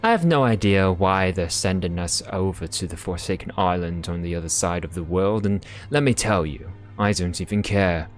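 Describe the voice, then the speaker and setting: A man's voice: deep voice, lively intonation, normal speed, hardly any pauses, faint music behind. A man voicing a tipsy teenage sailor boy with a put-on Irish accent, talking in a breezy, careless way. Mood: carefree.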